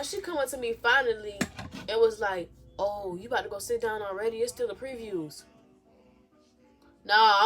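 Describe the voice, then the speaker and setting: A young woman vlogger chats casually through a storytime, animated and sassy. Her voice swings between loud outbursts and low mumbles.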